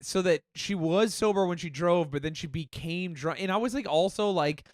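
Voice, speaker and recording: Brief: thirties male comic, slightly high voice, crude and animated storyteller, dry close mic. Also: normal speed, no echo. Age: 30s. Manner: animated, acts out quoted voices, laughs often. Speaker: comedian podcast co-host.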